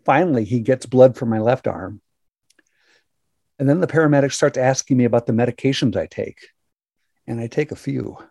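An older man from Minnesota telling a personal story aloud in the present tense, measured and dramatic, with long pauses. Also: mid-range voice, gravelly, warm tone, no echo, clean studio sound. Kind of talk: personal story told to an audience.

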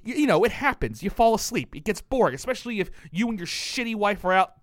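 A man's voice: high voice, lively intonation, quick pace, no room sound. A young man co-hosting a podcast, ranting with heavy profanity and indignation. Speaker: podcast co-host. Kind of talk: casual podcast banter.

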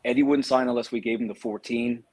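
A man's voice: mid-range voice, fairly even intonation, fast, a little mellow, husky. A man co-hosting a casual football podcast, making dry, sardonic asides. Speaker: podcast co-host.

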